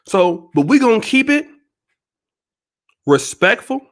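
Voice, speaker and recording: Animated, profane ranting man. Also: sits high, takes it slowly. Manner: emphatic, profane, repetitive, preachy. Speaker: channel host. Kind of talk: ranting commentary to viewers.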